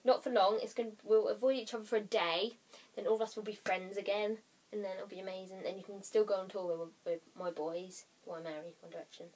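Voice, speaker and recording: A woman's voice: medium pitch, fairly even intonation, fast talker, darkish tone. A young woman vlogging at home, rambling casually, often apologizing and dropping into whispers. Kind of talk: casual chatty vlog.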